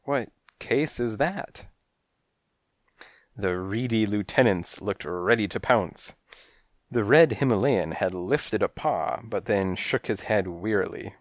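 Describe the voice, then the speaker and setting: On a close mic, a male audiobook narrator tells a comic detective story in the first person, wry and rhythmic. His voice is on the low side and a little slow, with no echo.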